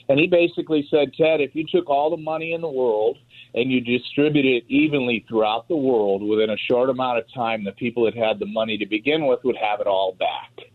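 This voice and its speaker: Male caller, phone line, folksy religious storyteller. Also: mid-range voice. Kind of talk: phone-in chat. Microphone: telephone.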